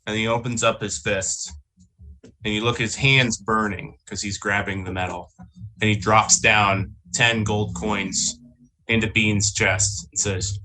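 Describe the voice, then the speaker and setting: A man's voice: on the low side, fairly even intonation, measured pace, bright, forceful tone, a little hiss or hum, poor audio. A man describing his character's actions as a player in a tabletop game.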